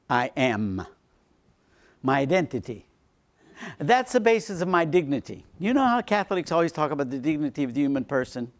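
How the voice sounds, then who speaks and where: A man, a priest, giving a lecture on faith to a seminar, repeating phrases for emphasis and dropping into quiet low asides. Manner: animated, swings between emphatic lines and quiet low asides.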